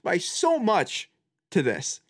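An animated young man co-hosting a podcast in a casual chat. His voice sits a little high and sounds dry and close, and he swears freely as he argues his point. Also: slow, no room sound. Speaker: podcast co-host.

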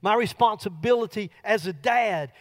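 A middle-aged man preaching a sermon, telling a folksy personal story that builds to loud bursts. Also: high voice, normal speed.

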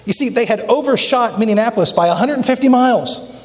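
Speaking very fast in a very high-pitched, expressive voice, a male pastor preaches emphatically from a church sanctuary. He keeps asking the congregation rhetorical questions, and long reverb fills the recording.

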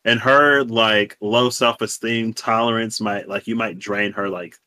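A man co-hosting a casual chat, animated and playful, with slang and frequent laughs. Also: fairly low pitch, unhurried. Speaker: podcast co-host.

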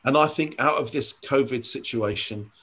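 A man's voice: mid-range voice, moderate pace, a bit bright, breathy edge. Earnest older man telling a story. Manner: earnest, reflective, many hesitations and restarts. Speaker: church leader. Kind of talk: conversational interview storytelling.

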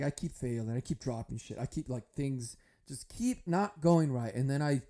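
A young man hosting a podcast, telling rambling stories in a profane, animated way. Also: high voice. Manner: profane, animated storytelling, breaks into laughs. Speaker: podcast host. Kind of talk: casual monologue.

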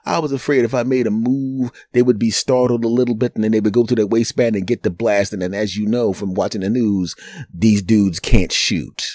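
A middle-aged man, a podcast host and comedian, telling a story in an animated, chatty way with chuckling asides. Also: fairly low pitch, a little fast, no room sound, clean studio sound. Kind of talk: storytelling monologue.

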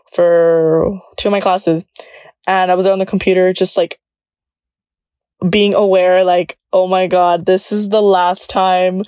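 A woman in her early twenties hosts a solo podcast, chatting bubbly, laughing often, and slipping between English and Spanish. She has a medium-pitched, darkish voice, recorded with clean studio sound and no echo.

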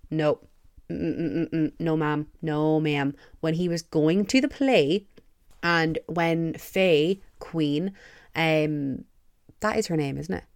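A young woman hosting a podcast, gushing excitedly and swearing a lot in a casual fan review. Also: low voice, no room sound, studio quality. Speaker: podcast host.

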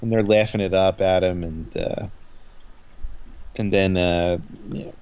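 A man's voice: sits low, fairly even intonation, a little slow, a little mellow, smooth, dull audio. A man in a casual chat, recapping an episode in a rambling way with many fillers and quoted lines. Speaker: podcast co-host recapping an episode.

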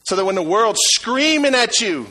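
A man preaching a sermon, emphatic and repetitive, swinging from loud to hushed. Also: high-pitched, big pitch swings, moderate pace, rough recording.

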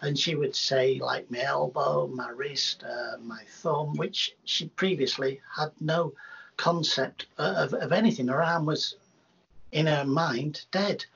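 Man, gravelly husky voice, slightly high, rambling animated anecdotes, dull lo-fi recording. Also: slow. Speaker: hypnotherapist guest. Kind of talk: casual storytelling in an interview. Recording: dull lo-fi sound.

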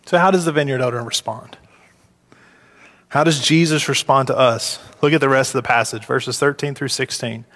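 Man preaching in a reverberant hall. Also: normal speed. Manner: rises high and loud when voicing complainers. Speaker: pastor. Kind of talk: sermon.

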